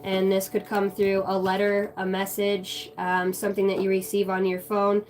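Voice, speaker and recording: A woman reads tarot for a collective audience on a livestream in a mid-range, monotone voice that's a little mellow, at normal speed. She wanders from point to point, swears casually, leans on fillers, and talks with chat.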